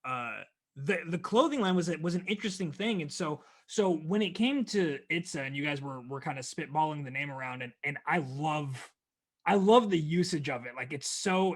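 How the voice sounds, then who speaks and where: Dude hosting a podcast, hyped and friendly, kinda higher voice, keeps trailing off mid-sentence. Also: male voice. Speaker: podcast host. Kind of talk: casual interview conversation.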